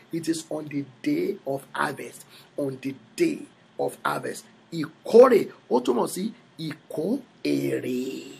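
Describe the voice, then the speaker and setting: Male preacher, Yoruba accent, high gravelly voice, husky tone, emphatic repetition. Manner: switches between English and Yoruba, repeats phrases for emphasis. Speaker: prophet preaching. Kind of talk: sermon.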